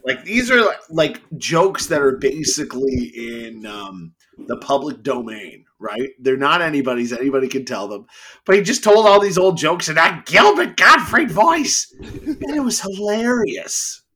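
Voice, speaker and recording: A man co-hosting a podcast in casual chat, telling animated stories, laughing often and mimicking people's voices. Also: on the high side, measured pace, a little hiss or hum. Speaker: podcast co-host.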